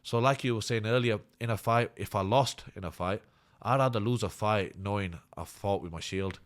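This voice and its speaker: A man's voice: fairly low pitch, moderate pace. A man, a fighter talking candidly and earnestly as an interview guest. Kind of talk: casual interview talk.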